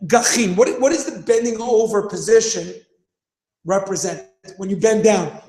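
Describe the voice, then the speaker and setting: Here a man in his thirties leads an animated lesson, asking rhetorical question after rhetorical question, acting things out and getting loud for emphasis. His high, darkish voice moves at a moderate pace over a rough recording in an echoey room.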